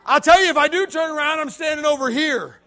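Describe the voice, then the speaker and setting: A man's voice: very high-pitched, fast talker, pushed and bright. A man preaching a playful youth sermon, joking with the crowd and acting out stories in different voices. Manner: playful, jokey storytelling with acted-out voices. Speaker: youth pastor.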